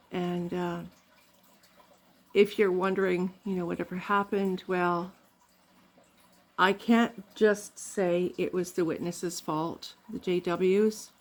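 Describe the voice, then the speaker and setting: An older woman from Canada telling rambling, funny family stories in a casual vlog, laughing often. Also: lowish voice. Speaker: vlogger.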